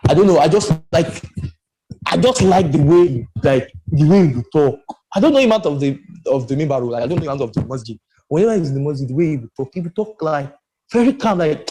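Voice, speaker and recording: Man, podcast panelist, warm and mellow, emphatic and rambling. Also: on the high side, brisk, low-quality recording. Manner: animated and emphatic, rambling with restarts. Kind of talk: casual discussion.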